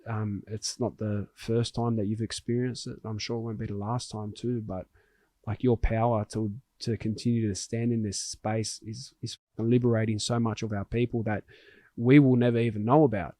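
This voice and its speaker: A man's voice: on the low side, little pitch movement, normal speed, dark tone, dry recording. A man hosting a podcast, telling a personal story in an earnest, heartfelt way with frequent restarts. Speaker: podcast host. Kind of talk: conversational storytelling.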